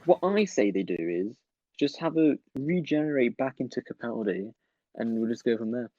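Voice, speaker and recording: A man's voice: medium pitch, lively intonation, moderate pace, warm tone, dry recording. Chatty man, dull dry sound. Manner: chatty, swears freely, laughs at own jokes. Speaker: podcast co-host. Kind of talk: casual chat.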